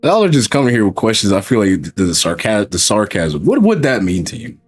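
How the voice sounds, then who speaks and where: Husky-voiced man ranting on stream. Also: fairly low pitch, sing-song, brisk, faint music behind. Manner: emphatic, repeats rhetorical questions, swears freely. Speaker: streamer and host. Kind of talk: casual stream chat.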